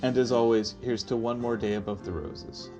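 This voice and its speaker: A man co-hosting a podcast in casual chat, joking and animated. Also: mid-range voice, normal speed, music in the background. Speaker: podcast co-host.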